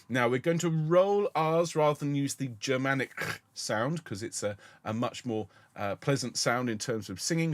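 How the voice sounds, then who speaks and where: A man leading a choir rehearsal, explaining the music in a gentle, encouraging way. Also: medium pitch, normal speed, no echo. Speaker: choir director.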